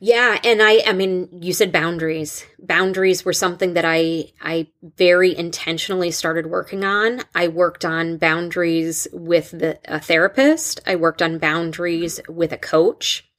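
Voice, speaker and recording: A woman in her thirties, a school counselor hosting a podcast, talking in a halting, open way with many restarts. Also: on the low side, a bit bright. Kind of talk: casual podcast conversation.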